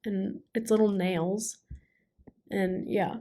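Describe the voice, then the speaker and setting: A woman's voice: medium pitch, fairly even intonation, takes it slowly, mellow. A young woman co-hosting a casual podcast chat, talkative and laughing often as she drifts between topics. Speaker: podcast co-host.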